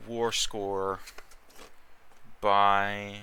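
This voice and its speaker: A man's voice: fairly low pitch, unhurried, gravelly, bright, forceful tone, a little hiss or hum, poor audio. A man giving casual commentary while playing a strategy game, thinking aloud with many fillers and restarts. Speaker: gaming channel host.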